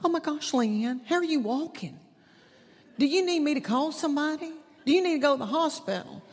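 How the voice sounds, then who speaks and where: A woman's voice: sits high, lively intonation, normal speed, voice pushed up. A woman putting on a flustered, worried female friend who fires off anxious questions, in stand-up comedy. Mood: alarmed. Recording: live theater with reverb and audience laughter.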